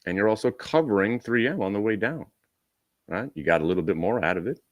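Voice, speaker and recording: Male trading-room host, very low pitch, dry close sound, brisk coaching manner. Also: animated, no echo. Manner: brisk and coaching, talks to viewers directly; wry asides. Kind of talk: live trading room commentary.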